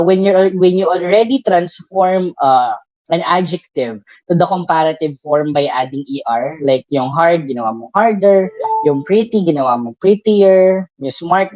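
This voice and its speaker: A woman's voice: sits low, warm tone, dry recording, rough recording. A woman with a Filipino accent teaching a grammar lesson for an English test, explaining patiently in mixed Tagalog and English and checking in with tag questions.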